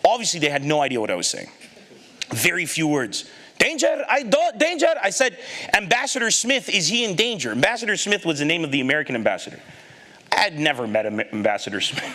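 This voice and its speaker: A man with a bright, forceful, slightly high voice tells a funny story in an animated way. He gives the people in his anecdote their own voices and laughs at his own lines as he goes. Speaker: comedian giving a talk. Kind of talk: storytelling stand-up talk.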